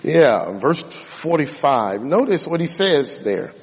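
Emphatic preacher in a reverberant hall. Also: male voice, a little high, sing-song, breathy edge. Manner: emphatic, drawn-out stresses on key words. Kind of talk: sermon.

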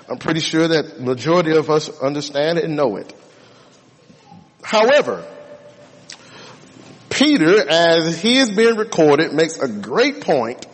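A man's voice: high-pitched, husky. A man preaching a sermon, stressing and drawing out key words to make his points. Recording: long hall reverb.

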